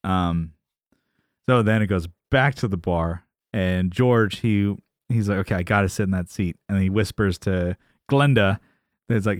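Low-voiced man recapping a sitcom. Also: measured pace, dry recording, clean studio sound. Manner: animated retelling with quoted voices and laughs. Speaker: podcast co-host. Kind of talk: casual chat recapping a sitcom episode.

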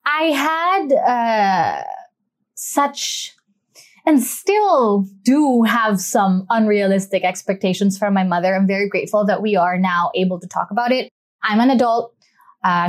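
A young adult woman hosting a talk show, speaking in an earnest, chatty way and slowing down to stress her points. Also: medium pitch. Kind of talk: casual reflective talk.

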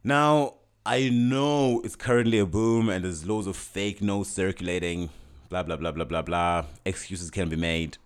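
A young man with a very low, deep voice tells a personal story in a loose, casual way. He talks in an animated rush, restarting sentences and acting out what people said. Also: a little slow, clear, resonant tone. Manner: animated, frequent restarts and quoted dialogue.

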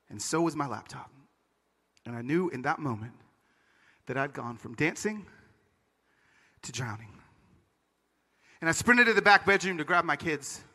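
Man, high bright voice, dramatic testimony sermon, loud then hushed, long hall echo. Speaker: conference speaker. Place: large hall before an audience.

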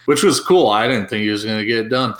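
A man's voice: on the low side, quick pace, a bit bright. A man co-hosting a casual movie review chat, laid-back, mostly giving short agreeing replies. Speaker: podcast co-host. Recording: roomy echo.

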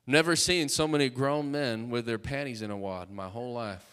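A man's voice: medium pitch, fairly quick, a bit bright, smooth. A male pastor preaching a fervent, emphatic sermon in church, calling out to his congregation.

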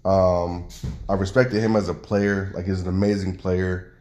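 A man co-hosting a casual home podcast, arguing loudly and with lots of energy. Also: deep voice, unhurried, reverberant, a little hiss or hum. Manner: argumentative, loud and animated. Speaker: podcast co-host. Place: home room with noisy neighbors upstairs.

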